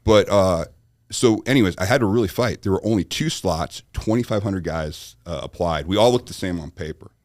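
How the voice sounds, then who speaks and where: A man with a very low, deep voice tells a long story as a podcast guest. He is animated and acts out the voices of people in his story. The sound is dry and close. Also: a little fast, no echo. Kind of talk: storytelling in conversation.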